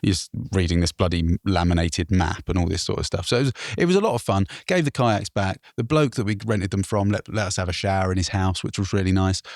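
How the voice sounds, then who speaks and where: A man from England telling a travel story on a podcast, animated and laughing, swearing now and then. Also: low voice, fast, hardly any pauses, dry recording, clean studio sound. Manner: animated, laughing, swears, puts on voices for others.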